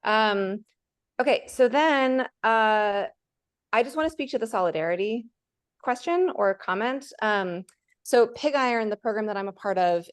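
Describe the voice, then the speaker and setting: A woman who is a graduate student asking practical questions in an online teach-in, brisk with fillers. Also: medium pitch, no room sound.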